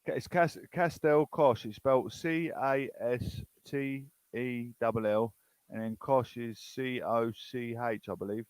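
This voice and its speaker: A man's voice: medium pitch, unhurried, clean tone, no room sound, low-quality recording. A man from the UK with a British accent, hosting a rambling, casual chat with strangers online. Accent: British English. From United Kingdom. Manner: rambling, chatty, unsure.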